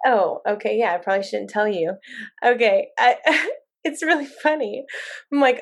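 A woman in her thirties, a mother and podcast guest, telling lively stories in casual conversation and acting out her own quotes with laughter. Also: on the high side, a little slow.

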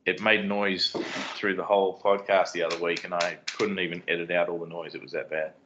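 Low-voiced man in casual podcast chat. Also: level tone, fairly quick, echoey room, lo-fi sound, background noise. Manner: joking, talks about editing the show. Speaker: podcast co-host and producer. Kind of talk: casual chat and outro read. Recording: outro read over clear guitar music.

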